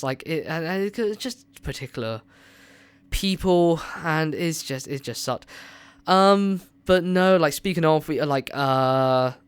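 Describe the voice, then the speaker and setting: A man with a smooth, resonant voice at an ordinary middle pitch hosts a movie review radio show. He rambles with eager excitement and leans on plenty of filler words. His casual chat keeps circling back to the films he loves.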